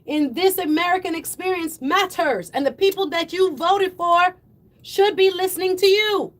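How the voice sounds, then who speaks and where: A woman hosting a call-in radio show, delivering impassioned, preachy commentary that swells toward yelling. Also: very high voice, moderate pace. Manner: fiery, preachy, rising to yelling then apologizing. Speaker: radio talk show host.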